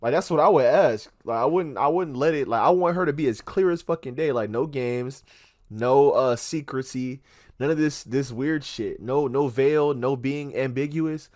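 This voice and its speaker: A man's voice: medium pitch, moderate pace, a little mellow, no room sound, clean studio sound. A young man giving blunt, profane advice to a friend on a casual podcast. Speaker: podcast co-host.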